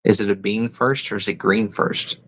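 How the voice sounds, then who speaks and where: A man's voice: lowish voice, steady tone, normal speed, fairly bright tone, low-quality recording. A man hosting a casual livestream, reading chat comments aloud and musing over them. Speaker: host.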